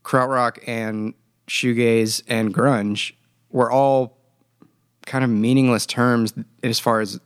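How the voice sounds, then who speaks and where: A man's voice: mid-range voice, fairly even intonation, takes it slowly, smooth, no echo, clean studio sound. A man hosting a casual band podcast, telling music history in a rambling way and laughing often. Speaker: band member podcast host. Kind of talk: casual chat.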